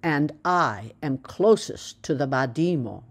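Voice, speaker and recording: A proud old village elder, solemn and commanding, voiced by a woman in a storybook reading. He lays slow, emphatic weight on each point, tender toward the small boy and certain of his own authority. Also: low voice, expressive, heavily acted. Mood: earnest.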